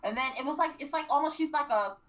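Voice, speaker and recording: Woman co-host, high bright voice, lively recap chat, mic sounds distant and dull. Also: fast. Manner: animated, acts out quotes, frequent throat clearing. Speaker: radio show co-host.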